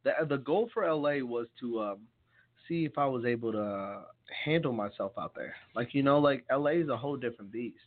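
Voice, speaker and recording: A man's voice: medium pitch, brisk. A young man from New Jersey, a songwriter guest telling his story in rambling, laughing casual chat full of restarts. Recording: tinny phone-like sound.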